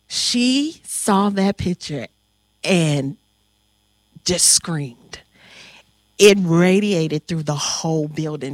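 A woman's voice: fairly low pitch, no room sound. Heartfelt woman telling a story, dry sound. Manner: heartfelt, animated, pauses often. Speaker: host of a grief talk. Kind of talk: emotional storytelling.

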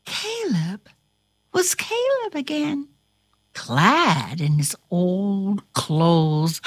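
A woman's voice: medium pitch, wildly swooping pitch, very slow, fairly bright tone, husky, dry recording, studio quality. A woman reading a storybook aloud to a listener in a dramatic, theatrical way, dropping into whispers and bursting into exclamations. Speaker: storybook reader.

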